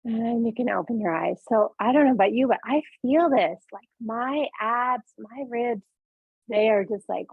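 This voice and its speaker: A woman's voice: fairly high pitch, normal speed, vocal fry, breathy edge, no room sound, narrow, tinny audio. A woman yoga and mindfulness instructor leading a guided laughter exercise, upbeat and encouraging.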